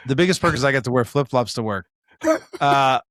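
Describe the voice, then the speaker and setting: A man's voice: medium pitch, fairly quick, no echo. Man in his forties, podcast chat, swears freely, acts out each voice in his stories, dry close sound. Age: 40s. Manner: animated storyteller, acts out quoted dialogue, swears freely. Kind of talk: casual chat.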